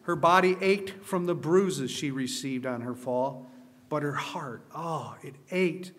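Man reading a story out loud, earnest and expressive, a bit high-pitched. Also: takes it slowly. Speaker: storyteller at a camp meeting.

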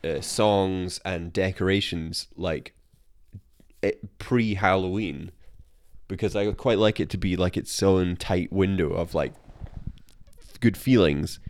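A man's voice: deep voice, takes it slowly, darkish tone. A man co-hosting a podcast in casual chat about films, sardonic and swearing freely. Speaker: podcast co-host.

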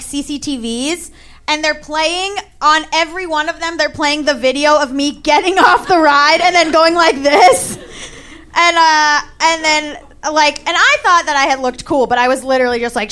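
Woman, stand-up comedian, comic storytelling, high voice, animated, acts out voices. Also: normal speed.

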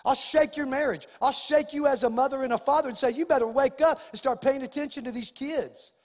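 A middle-aged man preaching a sermon as pastor, acting out lively bits of dialogue as he goes. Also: extremely high pitch, fairly quick, in a large hall. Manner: preaching with acted-out dialogue and rising emphasis.

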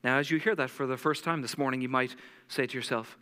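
A lead pastor preaching a sermon, intense and fast-talking, dropping to a soft hush when he reads scripture. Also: mid-range voice, steady tone, clean tone. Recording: long church hall reverb.

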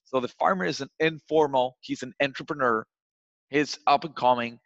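A man talks through sales advice in a loose, chatty way, filling his points with "like" and checking in with "right?". His mid-pitched voice comes through a dull, narrow recording. The sound is dry, with no room echo. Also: moderate pace, fairly bright tone. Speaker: sales coach. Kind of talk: casual advice chat.

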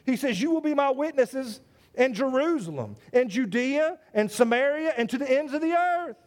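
A man's voice: very high voice, lively intonation, normal speed. A man preaching a sermon to his church, emphatic and repetitive, full of rhetorical questions. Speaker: pastor.

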